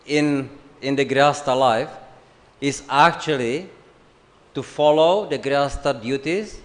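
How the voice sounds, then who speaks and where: A man speaks slowly and deliberately in a slightly high voice, delivering a scripture lecture with gentle humor. His words ring out into a hall with a long trailing reverb, and he sometimes slips into little acted exchanges. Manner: unhurried, joking, acts out family dialogue. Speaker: swami giving a scripture class. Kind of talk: sermon.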